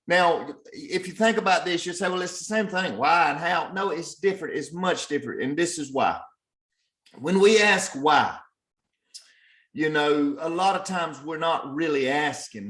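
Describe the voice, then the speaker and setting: A man's voice: medium pitch, a bit bright, reverberant. A man giving an earnest, repetitive motivational talk as a sales trainer, pressing his point again and again.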